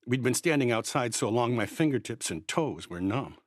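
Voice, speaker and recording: A man narrating a first-person story in a measured, quietly tense way. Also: mid-range voice, expressive, no room sound, clean studio sound.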